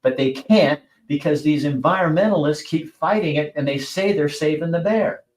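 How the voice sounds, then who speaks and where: A middle-aged man hosts a show, delivering a casual opinion monologue in a blunt style, cursing and imitating people in raised voices. His voice is fairly high and moderately paced, captured in an echoey room on a rough recording.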